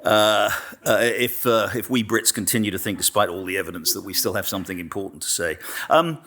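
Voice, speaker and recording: A man's voice: on the low side, a little fast, pushed and bright. A British man in his fifties, a journalist and author, giving a public lecture in a dry, self-deprecating way with frequent ums and restarts. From Britain.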